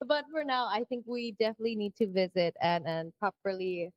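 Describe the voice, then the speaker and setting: A woman's voice: medium pitch, lively intonation, fairly quick, no room sound, highs cut off. A woman co-hosting a radio show in an easygoing casual chat. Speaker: radio co-host.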